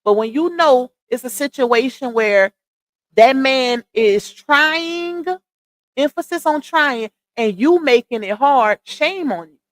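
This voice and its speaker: On a casual commentary livestream, a young woman speaks slowly in a high voice, giving opinionated commentary directly to her viewers and leaning hard on her points. The sound is close and dry, with no room sound at all.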